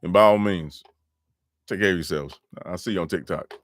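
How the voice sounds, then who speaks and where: A man's voice: low voice, moderate pace, no echo, studio quality. A man hosting a casual live stream, talking loosely with lots of fillers and restarts. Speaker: live show host. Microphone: home microphone.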